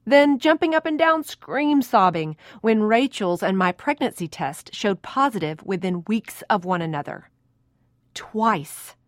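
A woman in her thirties, narrating her own memoir in a reflective, measured way. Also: mid-range voice, expressive, no room sound, clean studio sound. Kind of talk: reading a personal memoir aloud.

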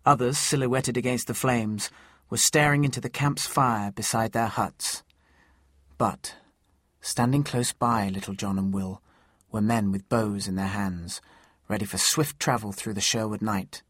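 A man narrating a storybook in a steady, measured reading. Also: fairly low pitch, no room sound, studio quality.

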